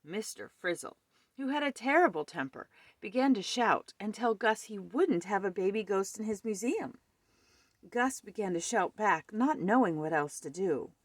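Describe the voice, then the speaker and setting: A woman reading a children's picture book aloud at home with expressive storytelling. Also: medium pitch, normal speed, dry recording.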